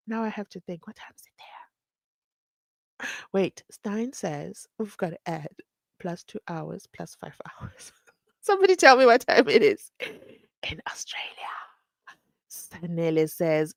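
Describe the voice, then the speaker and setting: A woman's voice: mid-range voice, sing-song, measured pace, dry recording. A woman hosts a casual live stream, chatting and reading viewer comments aloud with frequent laughs.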